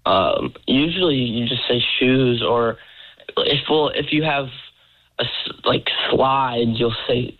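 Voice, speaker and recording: A teenage boy calls in to a radio show, speaking slowly with hesitant, brief answers. His voice comes over a dull, muffled phone line. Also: medium pitch. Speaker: caller, host's son.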